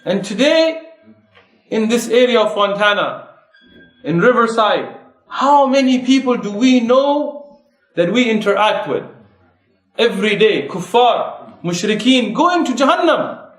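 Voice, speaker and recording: A man's voice: very high-pitched, animated, a little slow. A man preaching a sermon in a mosque, building his points with passionate rhetorical questions. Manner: impassioned, rhetorical questions, rising emphasis. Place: mosque prayer hall. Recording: echoey mosque hall.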